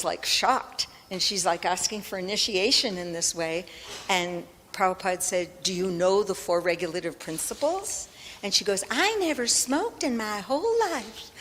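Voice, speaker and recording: A woman's voice: mid-range voice, a bit bright. An older woman telling a personal story on a panel, chatty with many ums, laughing as she goes. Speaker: panel speaker. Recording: reverberant hall with faint noise.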